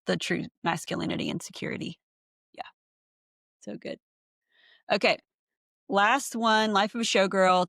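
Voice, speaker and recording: Woman, podcast host, gravelly, low, dry close sound, enthusiastic, rambling. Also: dry recording. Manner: enthusiastic, thinks aloud with many fillers. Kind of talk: casual podcast chat. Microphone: remote call.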